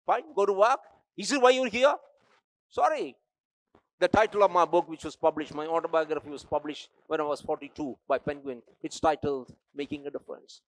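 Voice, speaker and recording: A man's voice: fairly high pitch, fairly quick, no room sound. Emphatic older Indian man giving keynote. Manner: emphatic, exhorting, addresses crowd directly. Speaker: keynote speaker. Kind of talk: motivational keynote speech.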